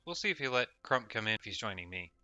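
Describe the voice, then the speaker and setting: A man's voice: lowish voice, very animated, fast, pushed and bright, dry recording, muffled recording. A man hosting a let's play, chatting casually through his gameplay and reading the game's text aloud. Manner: casual, reads game text aloud, self-directed chatter. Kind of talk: gameplay commentary.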